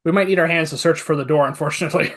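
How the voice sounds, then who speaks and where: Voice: medium pitch, very fast, fairly bright tone. A player in a tabletop game who talks through plans in a chatty way and laughs at their own ideas. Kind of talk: casual tabletop game play.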